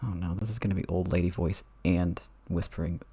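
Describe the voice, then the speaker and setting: A man's voice: low-pitched, steady tone, brisk, dark tone, breathy edge. A man streaming a visual novel playthrough, reading the narration steadily with self-aware asides.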